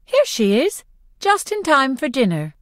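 A woman reading as a nervously bright mother. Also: sits high, slow, dry recording, clean studio sound, pitched above the performer's own voice. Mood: forced bright. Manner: a little too bright. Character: anxious middle-aged mother, forcedly bright.

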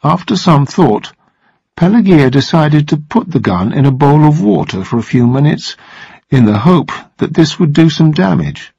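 A man narrating a story aloud for English listening practice, with a measured, expressive delivery. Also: fairly high pitch, gravelly, husky, no echo, highs cut off.

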